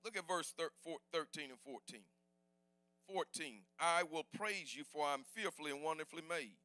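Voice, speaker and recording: Shouting, high-voiced, bright male preacher. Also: moderate pace, no room sound. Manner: preaching with call-and-response, rising to shouts. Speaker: pastor. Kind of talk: sermon. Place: church sanctuary.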